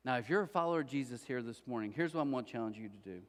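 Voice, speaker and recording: A man's voice: mid-range voice, animated, very fast, few pauses, long reverb tail. A male pastor preaching a sermon, telling a story animatedly and acting out the voices of the people in it. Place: church auditorium.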